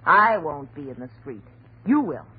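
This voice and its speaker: An actress playing a cruel young wife who is turning into a cat, in 1940s radio acting with a sharp, taunting manner. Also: female voice, very animated, normal speed, husky, heavily acted. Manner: sharp, taunting, then shrill and panicked. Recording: tinny, noisy old radio recording.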